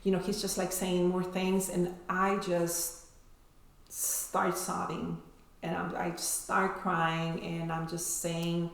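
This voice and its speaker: A woman's voice: on the low side, monotone, takes it slowly, vocal fry. A woman telling her personal story as an interview guest, emotional and often ending sentences with "right?". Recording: echoey room.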